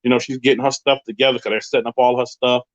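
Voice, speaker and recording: A man's voice: medium pitch, very fast, no echo, muffled recording. A man, telling a story on a live stream and acting out the other people's voices. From Queens, New York. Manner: animated, acts out the voices of people in his story. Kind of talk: casual storytelling on a livestream.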